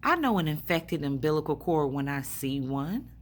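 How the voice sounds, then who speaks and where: A spiritual vlogger with a deep voice and big pitch swings talks at normal speed from a hospital room, with slight background noise. She tells a rambling, casual story bluntly, swearing and using lots of filler words.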